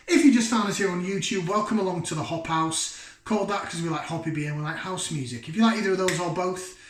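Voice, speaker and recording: Rambling, chatty man in an echoey room. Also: high-pitched. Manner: chatty, rambling, self-deprecating. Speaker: beer reviewer. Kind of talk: casual chat to camera. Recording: roomy echo.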